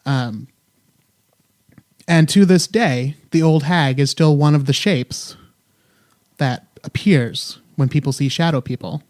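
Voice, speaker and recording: A young man hosts a podcast at home, chatting loosely and joking, with a lot of ums along the way. His voice sits a little high for a man. The recording is close and dry, with no room sound. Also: takes it slowly, long pauses, darkish tone, no echo. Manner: joking, rambling, many fillers. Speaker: podcast host. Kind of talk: casual chat.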